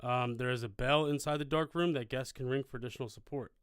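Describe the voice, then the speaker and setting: A man's voice: medium pitch, fairly even intonation, fast, clear, resonant tone, no echo. A man co-hosting a casual podcast, chatting and reading out details in a dry way. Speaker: podcast co-host. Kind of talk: casual chat.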